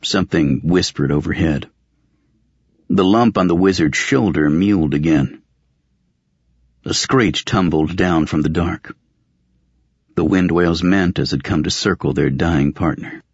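A man's voice: low voice, unhurried, pauses often, breathy edge, no echo, lo-fi sound. A man narrating a fantasy audiobook in the first person, in a dry, wry, world-weary tone.

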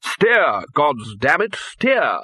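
A man voicing a blustering, bossy old wizard chief who barks orders loudly in an audiobook. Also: fairly high pitch, huge pitch swings, drawn-out words, husky, no echo, clean studio sound, voice pushed up, exaggerated voice. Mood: barking. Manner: barking, demanding.

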